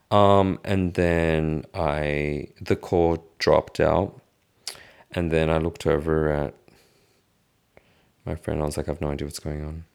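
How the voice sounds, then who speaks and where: A man's voice: very deep voice, gravelly. A young man frankly telling a personal story to camera, casual and swearing freely, often restarting his sentences. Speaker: vlogger.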